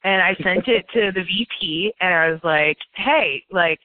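A woman's voice: on the low side, moderate pace. A woman, a company founder, chatting as an interview guest, filling her talk with "like" and "you know" and laughing often. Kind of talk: casual interview chat. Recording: tinny phone-like line, dry.

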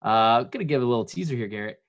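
A man's voice: medium pitch, lively intonation, rapid-fire. A man co-hosting a casual sports podcast, chatty and playful, given to banter. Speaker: podcast co-host.

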